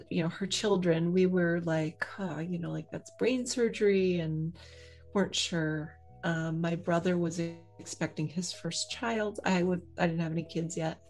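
A woman's voice: on the low side, darkish tone. A woman hosting a podcast, giving supportive replies and then telling her own family story in a chatty way. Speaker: podcast host. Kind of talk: casual interview chat.

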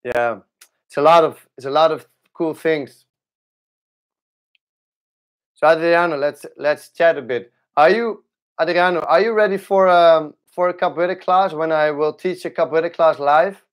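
A young man, a capoeira teacher, chatting casually on a livestream, halting and restarting his sentences often. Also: a little high. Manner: halting, with many restarts and fillers. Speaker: capoeira instructor.

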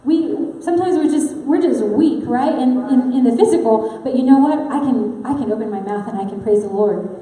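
A woman's voice: high voice, moderate pace, hardly any pauses, mellow. A woman preaching an earnest, personal sermon in a church sanctuary, talking conversationally with frequent fillers. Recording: echoey hall with long reverb.

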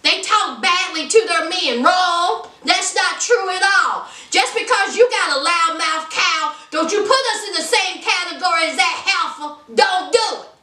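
Sassy high-voiced woman recapping a show. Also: expressive, unhurried, hardly any pauses, bright, forceful tone, reverberant, distant mic. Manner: sassy, blunt, scolding. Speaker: reality TV recap vlogger. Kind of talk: casual episode recap.

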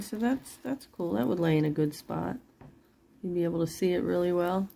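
A woman's voice: lowish voice, fairly quick, creaky, dark tone, slight background noise. A middle-aged woman selling jewelry online in casual, rambling chat, laughing often and apologizing after she curses. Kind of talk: casual live-sale chat.

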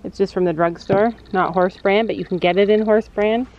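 A woman's voice: mid-range voice, fairly even intonation, a little fast, a little mellow, muffled recording. A woman vlogging as a mom outdoors at a horse barn, chatting casually and explaining her gear to viewers. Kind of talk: casual vlog chat.

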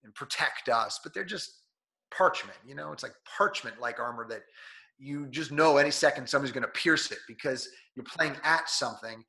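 Bright, energetic man, a bit nasal. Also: medium pitch, brisk. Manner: energetic, coaching delivery that acts out quotes. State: a little nasal from being sick. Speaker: guest, speaking coach and author. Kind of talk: conversational interview.

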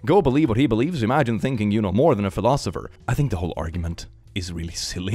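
A man's voice: fairly low pitch, expressive, fast talker, hardly any pauses, a little mellow, soft background music. A man hosting a comedic reaction commentary on memes, sarcastic and mocking, laughing often. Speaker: channel host.

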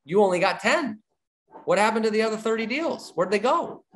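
A man giving an energetic sales training talk, repeating his key points like a coach and acting out little dialogues with clients. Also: high-pitched, a little fast. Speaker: real estate sales trainer.

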